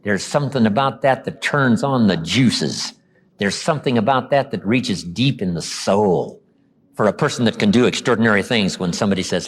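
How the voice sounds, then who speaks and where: An older man giving a motivational seminar talk, acting out quoted lines with dramatic pauses. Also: lowish voice, lively intonation, a little hiss or hum. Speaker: motivational speaker.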